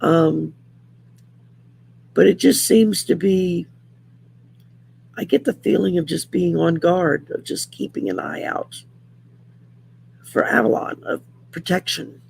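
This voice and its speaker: A woman's voice: fairly low pitch, expressive, takes it slowly, creaky, long pauses, a little mellow, slight background noise. A woman with a Southern accent hosting a casual livestream, reading oracle cards in a folksy, rambling way with many fillers. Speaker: host doing oracle card readings. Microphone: home setup by a window.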